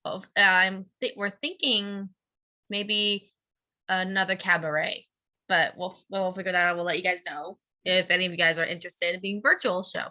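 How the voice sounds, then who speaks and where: Bubbly, bright-voiced woman interview guest. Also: fairly low pitch, fairly even intonation. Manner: bubbly, chatty, quick laughs. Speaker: guest, teacher and cosplayer. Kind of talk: casual interview chat.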